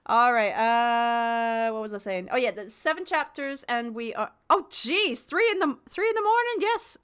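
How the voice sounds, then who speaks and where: A woman's voice: fairly high pitch, animated, moderate pace, a bit bright, smooth. A Scottish woman streaming a game, chatty and giggly, mocking her own stumbles while reading aloud. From Scotland.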